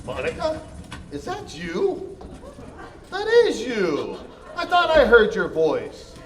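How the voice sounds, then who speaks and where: A man plays a dry, oblivious airline pilot with a deadpan delivery. His pitch moves around a lot and sits a little high. He is heard from a distance in an echoey theater. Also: takes it slowly, some chatter behind, full character voice. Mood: teasing. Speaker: stage actor. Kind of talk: live stage comedy. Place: theater stage. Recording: echoey theater stage from far off, faint noise.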